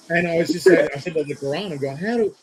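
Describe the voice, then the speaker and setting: A man interviewing a guest in casual chat, telling animated stories and acting out the quotes. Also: a little high, fairly quick, very noisy. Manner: animated storyteller, acts out quotes with big laughs.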